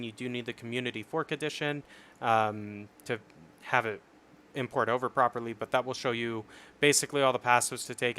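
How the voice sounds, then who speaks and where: A young man casually explaining his game build on a livestream, swearing and getting excited once the fights start. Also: mid-range voice, clean tone. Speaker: streamer. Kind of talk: casual gameplay commentary.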